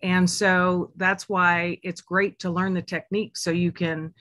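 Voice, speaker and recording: A woman with a slightly low voice presents to an audience as an executive coach. She speaks in a conversational, teacherly way and uses plenty of fillers. The sound is dry and close to the mic. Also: level tone, measured pace, fairly bright tone, no room sound. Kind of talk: webinar presentation.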